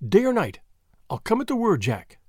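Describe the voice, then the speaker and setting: A devoted young woman answers softly and trustingly, as a male reader puts her on. The voice sits higher than the reader's own, with a dry, close sound. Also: wildly swooping pitch, normal speed, breathy edge, no room sound, exaggerated voice.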